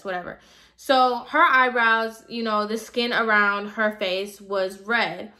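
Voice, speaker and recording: Young woman, bright tense voice, fairly high, chatty, exasperated, storytime vlog. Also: fairly even intonation, a little slow. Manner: exasperated, chatty, heavy use of "like" and "girl". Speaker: hairstylist telling a client story.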